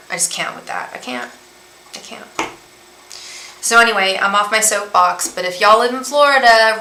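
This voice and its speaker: A woman's voice: medium pitch, sharp tone. Lady chatting on a tarot livestream, lots of ums and restarts, roomy echo and a bit of hiss. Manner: heated, rambling with many restarts and fillers. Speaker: tarot reader and psychic medium. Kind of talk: casual livestream chat.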